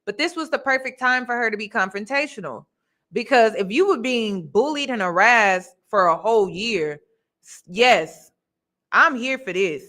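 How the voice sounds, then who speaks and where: A woman hosting a commentary channel, reacting casually with emphatic, drawn-out phrases. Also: fairly high pitch, animated, fairly bright tone.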